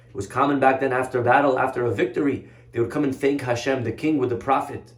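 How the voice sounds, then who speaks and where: A man, a rabbi, preaching in a lively, conversational storytelling way. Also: medium pitch, quick pace. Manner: animated, conversational, vivid storytelling. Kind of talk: sermon storytelling. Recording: roomy echoey room.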